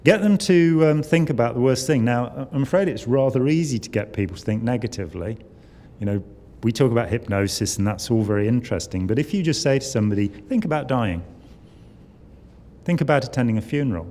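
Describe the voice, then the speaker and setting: A man's voice: medium pitch, expressive, fast talker, warm tone. Wry older Englishman speaking in a hall. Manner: wry, conversational, full of asides and acted quotes. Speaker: conference speaker. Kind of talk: conference talk. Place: conference hall. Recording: long hall reverb.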